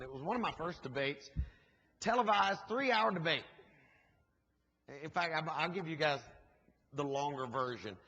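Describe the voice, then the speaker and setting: A man with a slightly high, husky voice preaches as a guest speaker in a church sanctuary, telling a story animatedly with jokes and asides to the congregation. The recording of the echoey church hall is muffled.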